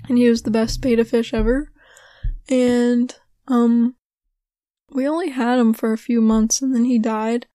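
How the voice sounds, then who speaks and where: A young woman hosting a podcast, telling a rambling story in a casual way, her voice hoarse and giving out, with lots of giggles and fillers. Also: on the high side, level tone, unhurried, pauses often, dark tone, dry recording. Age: young adult. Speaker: podcast host.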